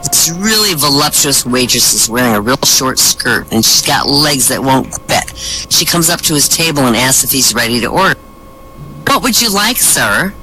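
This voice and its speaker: A man's voice: mid-range voice, pushed and bright, rough recording. A man telling a run of comedy jokes at an online comedy show, acting out each character's lines as he goes. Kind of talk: stand-up joke telling in a voice chat room.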